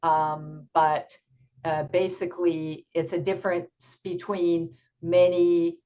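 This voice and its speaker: An older woman leads an online workshop for tutors at an unhurried, patient pace, her voice sitting a little low. She explains step by step, pausing often with ums. The audio is dull and lo-fi, as from a video call. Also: flat delivery, mellow, a little hiss or hum. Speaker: teacher trainer presenting a workshop.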